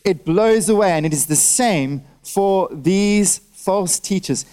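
High-voiced preacher firing rhetorical questions. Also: male voice, takes it slowly, clean tone. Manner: animated, fires off rhetorical questions at the congregation; talks directly to listeners, asks for nods and amens. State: wearing a face mask. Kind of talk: sermon. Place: church service.

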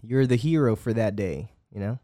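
A man's voice: on the low side, normal speed, warm tone, dry recording, clean studio sound. A man co-hosting a podcast in casual chat, easygoing and a little hesitant, with frequent ums. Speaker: podcast co-host.

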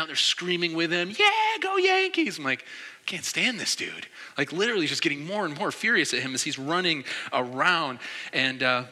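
Bright-voiced preacher telling a story. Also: male voice, fairly high pitch, big-room sound. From New York. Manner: lively storyteller, acts out quoted reactions. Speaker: pastor. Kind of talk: storytelling sermon.

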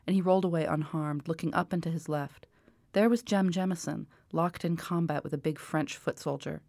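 A woman author reading aloud from her novel in a measured, expressive way. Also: sits low, dry recording, studio quality. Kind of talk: book reading.

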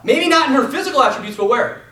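A young man teaching a class in a lively, animated way, talking to his students as "man" and "you guys.". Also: very high-pitched, fast. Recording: echoey room, mic from a distance.

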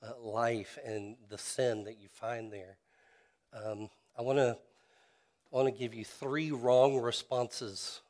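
A man's voice: lowish voice, a little mellow. A man preaching a sermon as a pastor, talking in an earnest, conversational way and often restarting and repeating his words.

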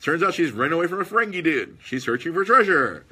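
A man telling stories in casual podcast chat, animated, with husky tone. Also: on the high side, quick pace. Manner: animated storytelling with put-on quoted voices.

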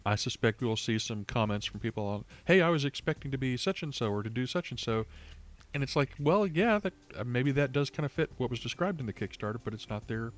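A man's voice: medium pitch, animated, fairly quick. A man co-hosting a casual gaming podcast over an online call, thinking aloud in long, rambling turns full of restarts. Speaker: podcast co-host. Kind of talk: casual chat.

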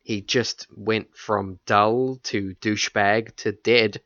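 A man giving measured, dry commentary on a film in casual chat. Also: fairly low pitch, steady tone, fairly bright tone, no room sound. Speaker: podcast co-host. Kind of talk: casual movie discussion. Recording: dull, dry lo-fi mic.

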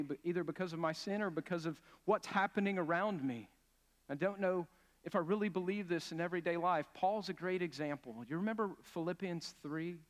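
A man with a slightly higher voice preaches a sermon, earnest and emphatic, and often asks his congregation questions. His voice carries a long reverb tail from a church sanctuary. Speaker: pastor.

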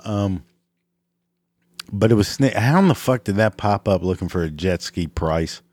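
A man's voice: fairly low pitch, lively intonation, normal speed, a little mellow, no echo. A man delivering a crude, exasperated comedic rant, laughing at his own jokes, his voice cracking. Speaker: comedic ranter.

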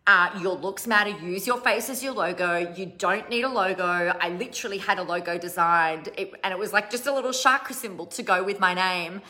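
A woman in her thirties, a business coach, talks bluntly and chattily to her online audience to motivate them, swearing casually and self-deprecatingly laughing at herself. She speaks briskly in a mid-range, pushed and bright voice, with hardly any pauses.

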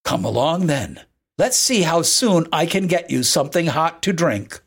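A reader voicing a kind, strong grown man who helps a stranger in the snow in a storybook reading, gentle and reassuring in manner. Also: mid-range voice, very animated, unhurried, breathy edge, heavily acted. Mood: kindly. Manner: gentle and reassuring, then urgent calling.

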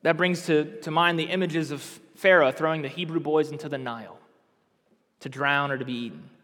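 A man's voice: on the high side, fairly quick, pushed and bright, in a large hall. A man preaching a sermon with impassioned, emphatic delivery that rises to outbursts.

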